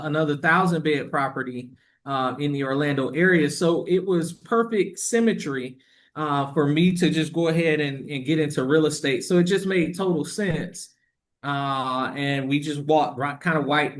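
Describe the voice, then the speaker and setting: Affable man guest from Florida, voice a touch high, easygoing and agreeable. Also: fairly even intonation. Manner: affable, quick to agree, jokes along. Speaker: real estate agent, guest. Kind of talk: casual interview conversation.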